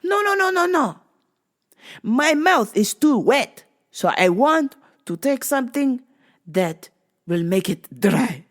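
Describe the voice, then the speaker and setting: A woman's voice: high voice, sing-song, slow, voice pushed up, heavily acted. A woman voicing a pushy foreign woman customer who speaks broken English and keeps repeating her request. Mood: insistent. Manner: broken English, insistent, repetitive.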